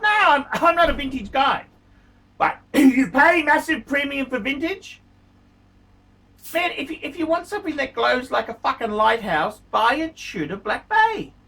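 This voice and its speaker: A man's voice: very high voice, pushed and bright, breathy edge, recorded from a distance. A man, a watch vlogger, ranting angrily into the camera with heavy swearing and repeated insults. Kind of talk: angry profane rant to camera.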